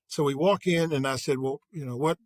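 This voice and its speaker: An older man with a fairly high voice, recorded dry and close. He tells lively anecdotes in a relaxed interview, acting out the dialogue as he goes. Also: fairly quick, dry recording. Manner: energetic anecdotes with quoted dialogue. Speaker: guest, sales executive. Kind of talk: conversational interview storytelling.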